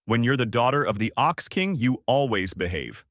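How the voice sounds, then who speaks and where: A man's voice: medium pitch, big pitch swings, moderate pace, fairly bright tone, no room sound, clean studio sound. A man reading as a shy, feisty young girl. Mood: bashful.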